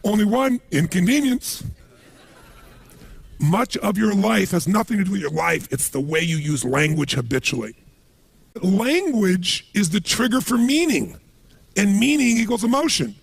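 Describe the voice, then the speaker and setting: Gravelly guy doing a motivational talk, emphatic, dry close sound. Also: high-pitched, unhurried, no room sound. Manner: animated storytelling with emphatic asides. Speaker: motivational speaker.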